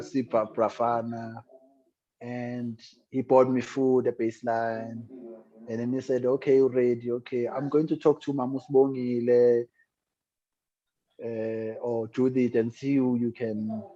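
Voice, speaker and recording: A South African man tells his story as a guest in an interview, reflective and earnest. His voice is mid-pitched. The recording sounds dull and lo-fi. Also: a little mellow. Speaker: guest musician.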